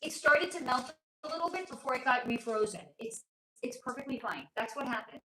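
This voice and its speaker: In a casual home livestream, with her child nearby, a woman who does spiritual readings answers viewer comments, teasing them and laughing a lot. Her high voice is expressive and a little fast. The room echoes and there's a noisy background.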